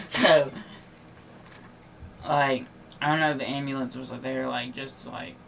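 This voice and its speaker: A man's voice: mid-range voice, fairly even intonation, unhurried, gravelly, fairly bright tone, a little hiss or hum. A tired, yawning young man telling a personal story on his podcast in a rambling, casual way, full of likes and restarts. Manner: rambling, filler-heavy with many likes and restarts. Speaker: podcast host.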